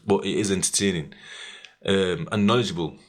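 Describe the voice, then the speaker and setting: A man's voice: low-pitched, a little fast. A man, hosting a podcast and telling stories in casual chat full of street slang. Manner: animated storytelling with street slang. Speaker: podcast host.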